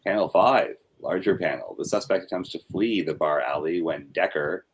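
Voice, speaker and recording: A man reading comic script panel descriptions aloud in a flat read-through, breaking off for offhand critiques. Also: low voice, normal speed, slight background noise.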